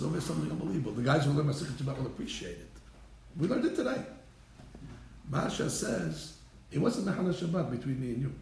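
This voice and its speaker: A man teaching a Torah class in an animated way, mixing Hebrew terms into English and repeating his phrases. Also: fairly high pitch, gravelly, reverberant.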